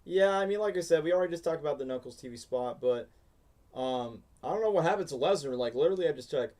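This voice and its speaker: A man's voice: fairly high pitch, lively intonation, fast talker, dark tone. A man hosting a casual reaction livestream, rambling and chatty, saying "bro" and "like" a lot. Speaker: livestream host. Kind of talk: casual reaction stream chat.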